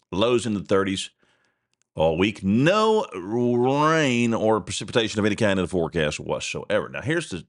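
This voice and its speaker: A man's voice: lowish voice, fairly bright tone, dry recording, clean studio sound. A man hosting a radio talk show, chatting in a rambling, jokey, folksy way. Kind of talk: casual radio chat.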